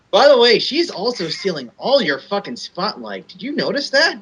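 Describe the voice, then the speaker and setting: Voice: medium pitch, very animated, unhurried, fairly bright tone, breathy edge, poor audio. A co-host in casual podcast chat, mocking and swearing.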